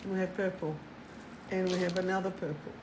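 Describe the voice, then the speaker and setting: A woman hosting a live spiritual talk, chatty and animated, swearing casually and laughing at herself. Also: fairly low pitch, brisk, background noise. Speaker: spiritual coach and live show host.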